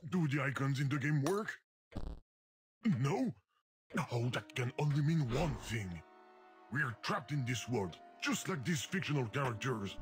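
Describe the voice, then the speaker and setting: A man's voice: medium pitch, animated, measured pace, close to an everyday voice. A man voicing the game itself, a fussy, exasperated entity that scolds the player. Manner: exasperated scolding, mock despair. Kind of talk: video game voice acting. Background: game music.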